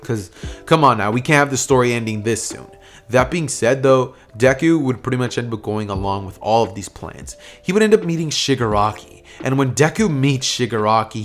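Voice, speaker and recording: A man casually narrating a fan-made what-if story, rambling and thinking aloud, correcting himself as he goes. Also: mid-range voice. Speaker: YouTube storyteller.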